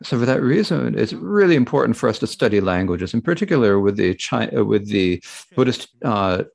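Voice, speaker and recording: A man interpreting a Buddhist Dharma talk aloud, halting, with frequent restarts and fillers. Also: fairly low pitch, very animated, vocal fry.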